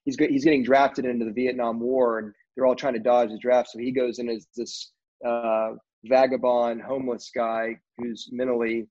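A man in casual conversation, telling rambling, animated stories about his career in film, with lots of fillers and restarts. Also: mid-range voice, normal speed. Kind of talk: casual storytelling interview. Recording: dull lo-fi audio.

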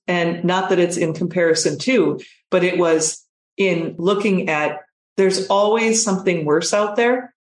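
A woman's voice: lowish voice, a little slow, reverberant. A woman guest telling a personal story in conversation, speaking emphatically and repeating phrases for effect.

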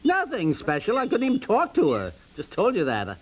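An actor playing a fussy, easily flustered middle-aged husband in a 1950s radio comedy, sputtering and indignant. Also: male voice, high voice, huge pitch swings, normal speed, exaggerated voice, low-quality recording.

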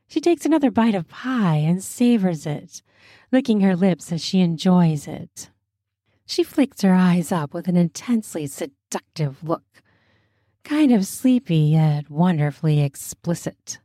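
A woman narrating a story in a slow, soft, intimate way. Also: on the low side, no room sound, studio quality. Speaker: storyteller and host.

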